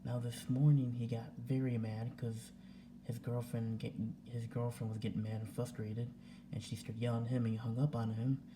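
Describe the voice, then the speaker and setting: A man's voice: medium pitch, little pitch movement, normal speed, noisy background. A young man ranting casually to his camera at home, repeating himself and swearing as he talks. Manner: repetitive, agitated, swearing. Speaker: vlogger. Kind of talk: casual vlog rant. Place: home indoors.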